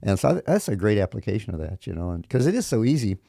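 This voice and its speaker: A man's voice: lowish voice, very animated, fast, creaky, mellow, dry recording, clean studio sound. A man co-hosting a podcast, chatting casually and responding to his partner's story. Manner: affirming, conversational. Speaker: podcast co-host. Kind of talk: casual chat.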